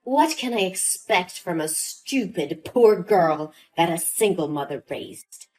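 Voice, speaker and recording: A woman's voice: fairly low pitch, expressive, slow, darkish tone, soft background music. A woman voicing a scheming, cold-hearted older mother-in-law who talks with scorn and dismissiveness, in a dramatized story. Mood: contemptuous.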